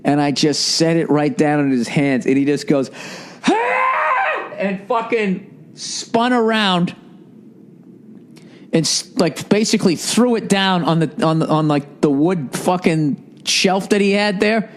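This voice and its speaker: A man hosts a comedy podcast and tells a long anecdote with loose, profane energy, circling back through asides. His voice sits a bit high for a man. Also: normal speed, hardly any pauses. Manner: profane and rambling, with many asides. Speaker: podcast host. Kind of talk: comedic storytelling.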